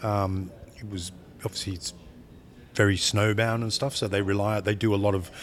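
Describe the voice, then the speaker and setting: A lowish male voice belonging to a film director in conversation. He rambles and restarts, stacking repeated words while he gathers his thoughts. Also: little pitch movement, moderate pace. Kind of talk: interview conversation.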